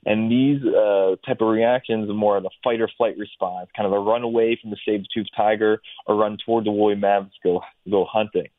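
A man with a lowish voice explains medical ideas in a relaxed, rambling way, filling gaps with "um" and "uh". The sound is thin and phone-like, and the room is dry. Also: a little fast, few pauses, dry recording. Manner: explains at length with many fillers. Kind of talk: casual explanatory interview.

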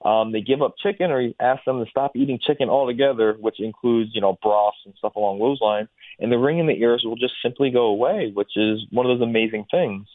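A man's voice: medium pitch, brisk, no echo. A man in a casual interview, explaining medical ideas at length with frequent fillers and restarts. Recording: dry, phone-like line.

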